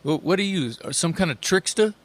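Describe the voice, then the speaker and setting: A brash rock frontman, as a storyteller puts him on, taunting a fan from the stage. His voice is raised in pitch and sharp in its mockery. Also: expressive, normal speed. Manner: mocking, taunting.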